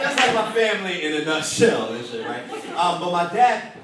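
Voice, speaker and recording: A young man performing a spoken word poem at an open mic, telling a story and then reciting in a measured rhythm, captured by a distant phone. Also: high voice, sing-song, very noisy. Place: room at an open mic night. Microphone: phone camera from the audience. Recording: echoey room, distant phone recording.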